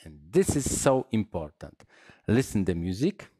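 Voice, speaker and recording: A man teaching salsa rhythm, counting beats and scatting the patterns aloud in halting English. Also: fairly low pitch, sing-song, dark tone, dry recording, studio quality. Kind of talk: dance lesson explaining rhythm.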